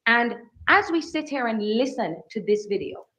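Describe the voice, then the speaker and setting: A woman's voice: a little high, big pitch swings, normal speed, fairly bright tone. A woman attorney questioning a witness in court with firm, leading questions. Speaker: defense attorney. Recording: dull courtroom audio.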